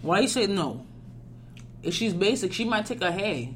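A woman co-hosting a casual chat, teasing and pushing the others with quick, bossy questions. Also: medium pitch, lively intonation, slight background noise. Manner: bossy, teasing, fast-talking storyteller. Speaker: podcast co-host.

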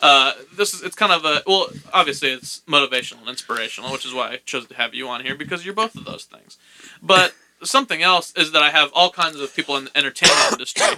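A man's voice: on the high side, quick pace, pushed and bright. A man hosting a podcast, chatting casually with a goofy, jokey, playful mock-motivational delivery. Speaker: podcast host. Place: podcast studio room.

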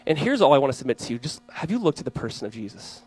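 Fast, lively young man preaching. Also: medium pitch, husky, faint music behind, low-quality recording. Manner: animated storyteller, acting out voices in anecdotes. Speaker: pastor. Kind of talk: sermon.

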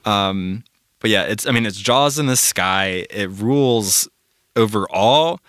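Smooth-voiced man reviewing a film. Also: on the low side, slow pace, dry recording, studio quality. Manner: relaxed, filler-heavy with frequent ums. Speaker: film podcast co-host.

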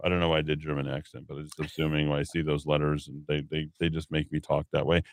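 A man's voice: a bass voice, steady tone, brisk, fairly bright tone, no echo. A man hosting a talk radio show, reading news items and adding sarcastic asides in a casual way. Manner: reads headlines then adds sarcastic asides.

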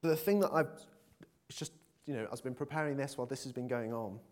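Earnest preacher, hesitant then emphatic. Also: male voice, medium pitch, quick pace. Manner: earnest, hesitant with many fillers, builds to emphatic appeals. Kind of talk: conversational sermon.

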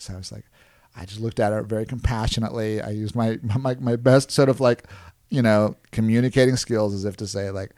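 Steady in tone, brisk, and a bit dark-voiced, this clown performer tells stories as a guest in a casual podcast interview. His talk wanders with many restarts and chuckles. He voices others' panicked lines in a higher pitch.

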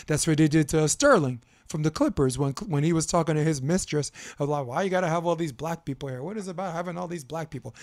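Male co-host, slightly high voice, heated rambling sports-debate rants full of restarts. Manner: heated, rambling, repeats words, laughs.

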